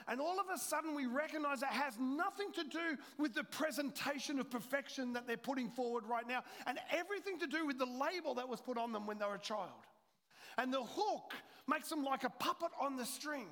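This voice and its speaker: A middle-aged man preaching a sermon as a pastor, swinging between loud urgency and hushed, intimate storytelling. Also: very high voice, a little fast. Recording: long hall reverb.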